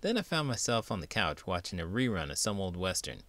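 A man, an elementary school teacher, reading a children's book aloud in an animated, playful way. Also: sits low, a little fast, dry recording.

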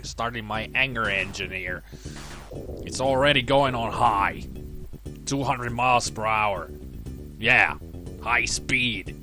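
A man doing a let's play commentary, grumbling and mumbling to himself and bursting into shouted curses. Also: mid-range voice, slow, pauses often, music in the background. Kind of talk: frustrated gameplay commentary.

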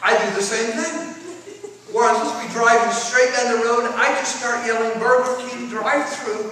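A middle-aged man speaks at a conference, telling stories in an animated, high and bright voice. He sits far from the mic in a big echoing hall with a long reverb, and a faint hiss runs under him. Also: a little fast. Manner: animated, shouts out his own stories. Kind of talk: storytelling talk.

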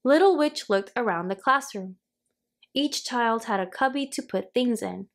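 A woman reading a children's story aloud, slowly, clearly and expressively. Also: fairly high pitch, expressive. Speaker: storybook reader.

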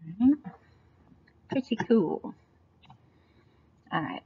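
A woman's voice: lowish voice, sing-song, extremely slow, breathy edge. A woman in her forties giving a recorded anatomy lecture, chatty and often checking in with "right?". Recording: slightly dull, lo-fi audio.

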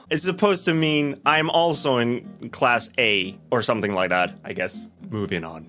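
A man's voice: mid-range voice, a bit bright. A young man with a Swedish accent, vlogging casually and laughing at his own slips as he tries tongue twisters. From Sweden.

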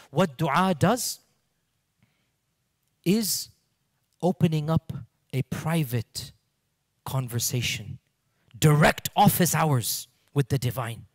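A man delivering a sermon-style lecture, pressing his points with emphatic rhetorical questions. His voice sits fairly high for a man. The sound is dry and close, with no room echo. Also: animated, slow, long pauses. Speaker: Islamic lecturer.

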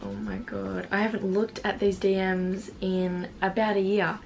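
A vlogger in her late teens tells a casual storytime to her camera, chatty and self-mocking, saying "like" a lot and reading old messages aloud in put-on voices. Her medium-pitched voice is measured with vocal fry, and there's slight background noise.

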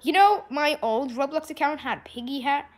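A young female gamer giving excitable gameplay commentary, often breaking into shrieks and exclamations. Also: high voice, moderate pace, faint music behind.

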